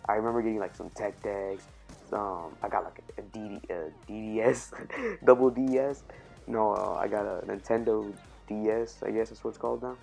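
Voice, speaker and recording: A man's voice: fairly low pitch, little pitch movement, a little fast, gravelly, a little mellow, faint music behind. A young man casually telling a personal story on his channel, rambling with lots of fillers and self-corrections. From Cuban family. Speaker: YouTube storyteller.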